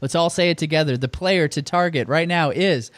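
A man's voice: fairly high pitch, fairly bright tone, dry recording. Man hosting a sports podcast. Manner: brisk, steers the discussion. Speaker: podcast host. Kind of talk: casual fantasy sports chat.

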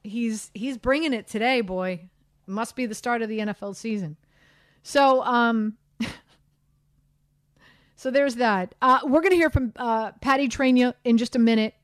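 A woman hosts a sports talk show, rambling and animated with plenty of fillers and asides. Her voice sits a little high and comes through a dry studio mic with no room sound. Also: measured pace, pauses often, no echo. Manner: animated, chatty, self-deprecating, many fillers. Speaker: sports radio host. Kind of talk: casual sports talk chat.

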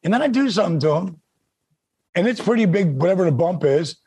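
A man telling a wild story on a podcast, excitable, swearing a lot and restarting his sentences. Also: high voice, a little fast, husky, no room sound. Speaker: podcast guest, former wrestler. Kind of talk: animated storytelling, profane.

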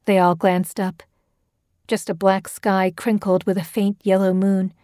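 Woman narrating horror in a mellow voice. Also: medium pitch, dry recording, clean studio sound. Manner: measured, steady storytelling delivery. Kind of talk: scripted horror story narration.

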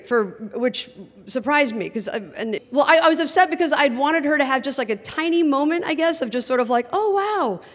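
A woman with a fairly high voice tells a true story from a theater stage, animated and quick to laugh. Her voice carries a long reverb from the hall. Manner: animated and humorous, laughing through the telling. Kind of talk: first-person storytelling on stage. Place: theater stage before a live audience.

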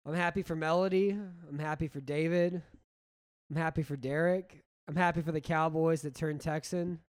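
A young man co-hosting a casual chat while watching an old football game, animated and quick to tell stories. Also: a little high, smooth, no room sound. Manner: animated, storytelling, laughs easily. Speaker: podcast co-host.

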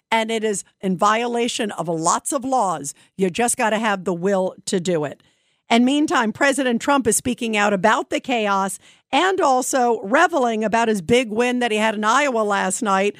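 A woman's voice: fairly high pitch, no room sound, studio quality. A woman hosting a talk radio show, delivering an opinionated monologue in an emphatic, indignant way with rhetorical questions.

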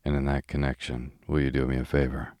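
Brief: a man reads a matter-of-fact tycoon, very low and steady, dry studio sound. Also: fairly quick, no room sound. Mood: brisk. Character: brisk decisive American male millionaire. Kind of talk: calm audiobook reading.

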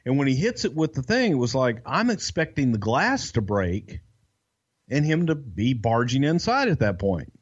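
A man's voice: mid-range voice, very animated, moderate pace, slightly rough. Rambling man with a dull lo-fi sound. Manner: rambling, profane, many restarts. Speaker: podcast co-host. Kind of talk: casual storytelling chat.

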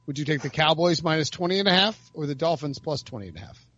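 A man's voice: a little high, sing-song, quick pace, a bit bright, slightly rough. A man hosting a casual sports chat, joking with co-hosts and rattling off game stats. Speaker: podcast host. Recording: dry, dull lo-fi sound.

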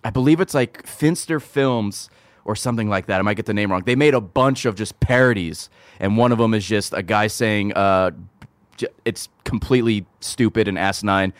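A man guesting on a casual chat show, telling stories in an animated way and swearing casually. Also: fairly low pitch, moderate pace, no echo.

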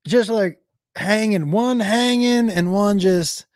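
A young adult man, a comedian, telling a comic story with lively bursts into shouted voices. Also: high voice, slow, no echo, clean studio sound. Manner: animated, jumps into shouted impressions.

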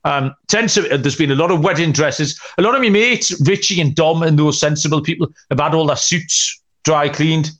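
A man's voice: fairly high pitch, moderate pace, hardly any pauses, fairly bright tone. A young man with a slightly raised voice co-hosts a podcast in loose, casual chat. He tells rambling, jokey stories full of ums and asides. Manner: rambling, jokey storytelling with many fillers. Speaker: podcast co-host.

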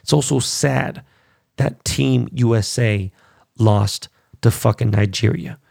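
Gravelly, profane podcast host man. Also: mid-range voice, slow, darkish tone, no room sound, studio quality. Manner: profane, blunt, heated. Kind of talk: casual rant.

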